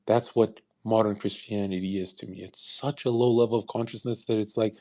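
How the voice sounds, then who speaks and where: Crude, lecturing young man, low voice. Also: fairly even intonation, brisk, hardly any pauses, dark tone. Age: young adult. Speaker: speaker on a live audio call. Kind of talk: unscripted preachy monologue. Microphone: online voice call.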